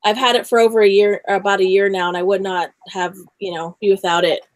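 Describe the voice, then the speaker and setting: A woman hosting a casual group video chat, chatty and quick to agree. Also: mid-range voice, little pitch movement, dry recording. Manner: chatty, frequent agreeing "yep". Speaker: crafting channel host.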